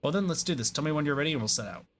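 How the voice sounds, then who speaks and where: A man's voice: a little high, animated, rapid-fire, a bit bright, a little hiss or hum. A man reading aloud the lines of an earnest young male resistance general in a game, with formal, courteous phrasing.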